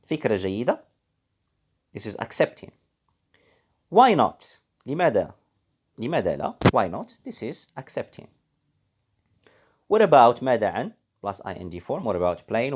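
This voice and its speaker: Lively man teaching an English lesson. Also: medium pitch. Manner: switches between English and Arabic explanations, lively emphatic. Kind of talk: classroom language lesson.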